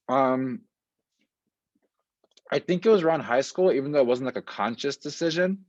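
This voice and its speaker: A man who works as a school administrator, answering interview questions in a relaxed, casual way with slang and many fillers, heard over a video call. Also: mid-range voice, measured pace, pauses often, dry recording. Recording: dull, lo-fi and dry.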